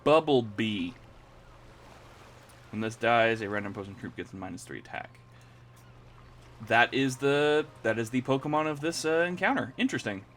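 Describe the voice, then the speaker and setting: A young man giving casual commentary while playing a card game, reacting with sudden high-pitched exclamations. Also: moderate pace, pauses often, slight background noise. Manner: animated, jumps into high squeaky exclamations. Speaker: gaming channel host.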